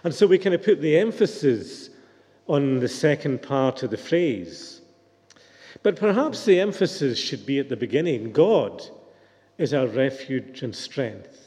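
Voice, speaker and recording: Preacher, thoughtful sermon, kinda high mellow voice, big echoey church. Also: male voice, very animated, normal speed. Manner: reflective, questioning.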